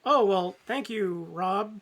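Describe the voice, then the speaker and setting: A man's voice: sits high, slow, a crowd in the background. A man acting as prosecutor on a comedy podcast, chatting in a sarcastic, exclamatory way. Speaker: podcast co-host, prosecutor in a mock trial. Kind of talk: casual comedy podcast chat.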